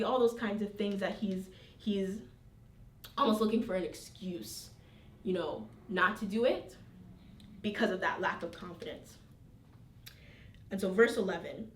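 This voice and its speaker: A woman's voice: medium pitch, normal speed. A woman leading an informal Bible study in a conversational way, reading verses aloud and checking in with her listeners. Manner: conversational, frequent tag questions, reads scripture aloud. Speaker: Bible teacher. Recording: roomy, distant mic.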